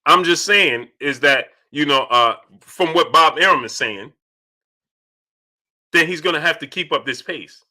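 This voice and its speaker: A young man hosting a casual live stream, reading viewer chats aloud and answering them in an animated way that repeats itself. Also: fairly high pitch, measured pace, pauses often. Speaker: livestream host reading super chats. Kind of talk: casual livestream chat.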